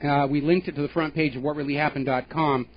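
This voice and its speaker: A man's voice: on the high side, steady tone, fast. A male radio talk show host giving opinionated political commentary in an emphatic, pointed way, with scornful asides. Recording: dull lo-fi radio broadcast.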